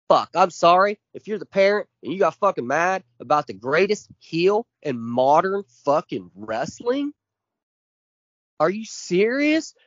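A man's voice: fairly high pitch, no echo, dull audio. A man in his forties co-hosting a podcast, ranting with constant swearing and heavy emphasis. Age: 40s. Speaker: podcast co-host. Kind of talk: casual chat.

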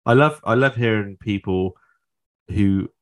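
Very low-voiced British man, chatty podcast host, laughs easily. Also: a little slow. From Britain. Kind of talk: casual chat commentary.

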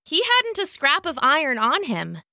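A woman hosting a story podcast, narrating a children's story in a soft, unhurried, expressive way on a close studio mic. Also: high-pitched, no room sound. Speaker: storyteller host.

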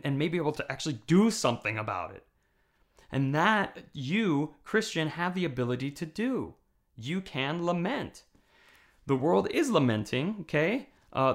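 A male pastor with a gravelly, creaky voice gives a recorded sermon to camera. He talks conversationally, checks in with his listeners as he goes, and swells into fervent emphasis. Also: medium pitch. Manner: conversational preaching, rising to impassioned emphasis; frequent checking "okay?" with listeners. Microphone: camera mic.

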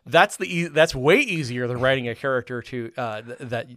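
A man talking casually about a movie, rambling with lots of restarts and fillers, getting animated as he argues. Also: medium pitch, normal speed, no echo, studio quality. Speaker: film podcast co-host. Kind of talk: casual film review chat.

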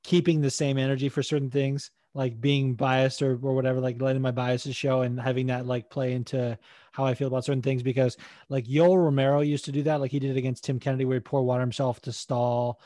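A man's voice: mid-range voice, flat delivery, brisk, mellow, dry recording, studio quality. A man co-hosting a casual podcast, rambling about fights with frequent swearing and laughter. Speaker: podcast co-host. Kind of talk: casual MMA podcast chat.

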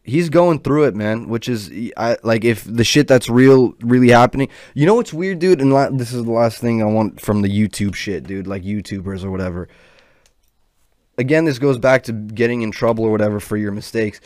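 A man's voice: medium pitch, normal speed, darkish tone, dry recording, studio quality. A young man in his twenties hosting a podcast, ranting in a profane, rambling, heated way. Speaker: podcast host. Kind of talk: casual podcast rant.

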